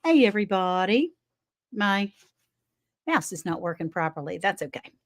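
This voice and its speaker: A chatty woman with a drawl hosts a casual live stream from her computer. She is a little out of breath and warmly greets viewers by name, calling them honey and baby. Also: mid-range voice, sing-song, normal speed. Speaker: livestream host.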